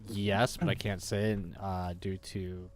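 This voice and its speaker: A man's voice: low voice, little pitch movement, a little slow. A man, chatting and joking while streaming a game. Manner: joking, laughs often. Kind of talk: casual gaming chat.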